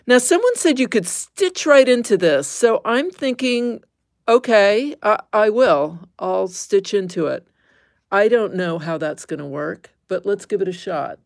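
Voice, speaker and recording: Woman host, casual livestream chat, unhurried with a gravelly edge, dry close sound. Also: mid-range voice, lively intonation, no room sound. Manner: chatty, easily amused, squeamish exclamations.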